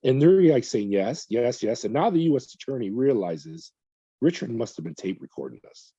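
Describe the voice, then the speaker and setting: Guy retelling a wild story in an interview, really dark mellow voice, kinda husky, dry close sound. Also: mid-range voice, brisk, dry recording, lo-fi sound. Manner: animated retelling with quoted dialogue. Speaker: guest, former corrections officer.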